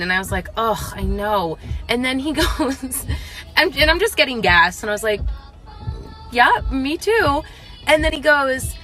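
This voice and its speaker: A woman's voice: a little high, expressive, moderate pace, pushed and bright, faint music behind. A woman telling a story about an embarrassing moment in a mortified, dramatic, chatty way. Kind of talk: casual storytime monologue.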